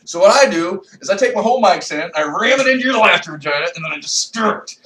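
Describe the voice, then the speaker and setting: A young man, a comedian, giving a rambling, profane rant that swings from low mutters to loud outbursts. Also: lively intonation, fast, distant mic. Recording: echoey room, a bit off-mic.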